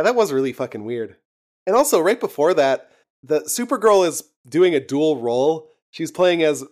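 A man's voice: a little high, a little mellow. A young man co-hosting a podcast, talking loosely and profanely, laughing often as he rambles. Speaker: podcast co-host. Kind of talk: casual chat.

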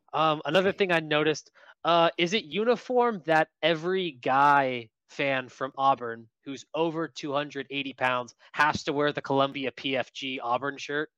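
A man co-hosting a casual sports podcast, telling lively stories about what he saw at a game. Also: on the high side, no echo. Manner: lively anecdotal storyteller. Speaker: podcast co-host.

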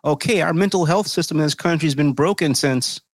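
A man's voice: a little high, a little fast, no room sound. A man pushing back in a casual debate, asking pointed questions and throwing in sarcastic, joking asides.

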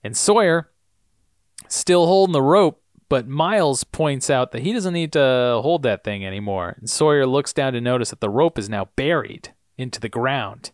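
Chatty podcast host recapping TV. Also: male voice, mid-range voice, lively intonation, normal speed, no room sound, clean studio sound. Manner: chatty, laughs often, breaks into character voices. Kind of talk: casual TV recap chat.

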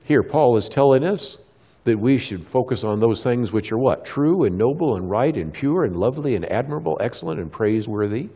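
A middle-aged man gives a church talk before a live audience, answering his own questions and acting out short exchanges with kids as a Christian speaker. His medium-pitched voice is warm and slightly rough, with lively intonation. He is heard in a large hall.

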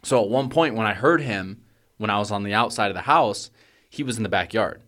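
Podcast co-host, young adult man, lowish voice, profane and animated storyteller. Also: brisk. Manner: swears freely, gets loud and worked up when retelling panic. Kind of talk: casual storytelling chat.

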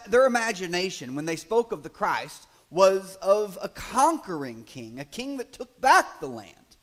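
A man preaching a sermon in a conversational way, building to loud, emphatic passages and acting out quoted voices. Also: high-pitched, big pitch swings, moderate pace. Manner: acts out quoted voices in asides. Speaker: pastor.

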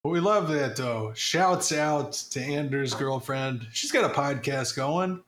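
A man's voice: medium pitch, animated, takes it slowly, fairly bright tone. A man hosting a podcast in casual chat, joking and swearing freely as he rambles. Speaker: podcast host. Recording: roomy echo.

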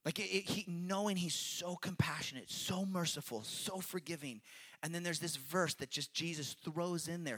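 A man's voice: fairly high pitch, moderate pace, sharp tone. A man giving a casual, conversational sermon, reading scripture aloud and explaining it in an earnest, chatty way that keeps checking in with his listeners. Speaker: preacher.

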